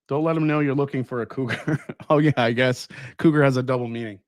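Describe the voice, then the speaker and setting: A man hosting a casual whiskey livestream, reading viewer comments aloud and chatting in a relaxed, enthusiastic way. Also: mid-range voice, fast talker, dry recording, studio quality. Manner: relaxed, enthusiastic, laughs often. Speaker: whiskey channel host. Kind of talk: casual livestream chat, reading super chats.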